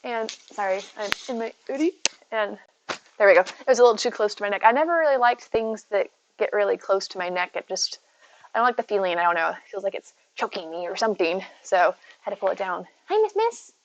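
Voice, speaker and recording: A woman's voice: mid-range voice, lively intonation, a little fast, highs cut off. A woman streaming from home, chatting casually, greeting viewers by name and talking to her cat. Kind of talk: casual live-stream chat. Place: at home near her bed.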